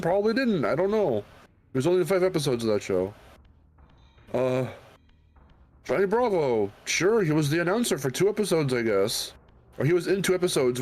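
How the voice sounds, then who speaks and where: A male streamer in casual chat who thinks aloud, rambles and swears freely. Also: a little high.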